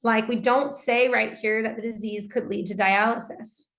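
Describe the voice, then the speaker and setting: A woman's voice: fairly high pitch, steady tone, normal speed, gravelly. A woman teaching an online English class, reading out students' answers and commenting on each one. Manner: reads student answers aloud and comments warmly on them.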